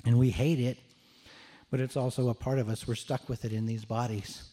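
A male pastor preaches a sermon in a mellow, medium-pitched voice that is low in brightness. He speaks earnestly at a moderate pace with little pitch movement, often repeating words as he restarts his thoughts.

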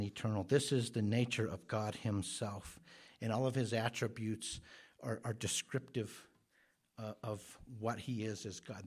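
A man preaching a sermon as pastor, earnest and emphatic, growing louder on the words he stresses. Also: medium pitch, slightly rough.

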